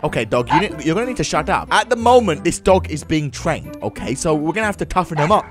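A young man commentating a video game in a jokey, excitable way, swinging between shouts and mutters. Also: a little high, quick pace. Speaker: gaming YouTuber. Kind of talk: let's play commentary. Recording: game music playing behind. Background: game music.

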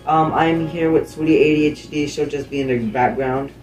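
A man's voice: fairly high pitch, fairly even intonation, moderate pace, roomy sound, music in the background. A young man hosting a gaming channel in casual commentary, laid-back and rambling, with many ums. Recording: distant mic with faint background noise.

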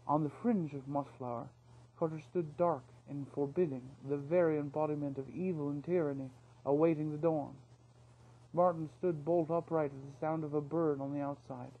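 Husky male narrator reading a novel aloud, lo-fi recording. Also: on the high side, normal speed. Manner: steady, expressive storytelling.

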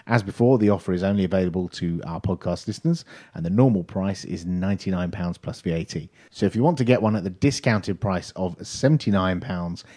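A man co-hosting a casual podcast, reading out news and offers in a brisk, matter-of-fact way. His voice is very low. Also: darkish tone. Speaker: podcast co-host.

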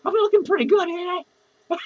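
A man's voice: very high-pitched, lo-fi sound. A man playing a drunk, foul-mouthed lonely clown who rambles, slurs and giggles through a comedy monologue. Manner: slurred, rambling, swearing constantly, giggling. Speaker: comedy character performer.

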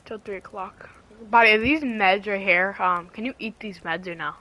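A woman chatting casually while playing a game with a friend, swearing and teasing, with sudden loud outbursts. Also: mid-range voice, moderate pace, low-quality recording. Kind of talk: casual gaming chat.

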